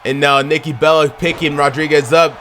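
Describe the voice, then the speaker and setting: A man giving excitable play-by-play commentary on a wrestling video game, chatting to viewers and shouting at near-falls. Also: a little high, fairly quick, a little hiss or hum. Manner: chatty, addresses viewers as y'all.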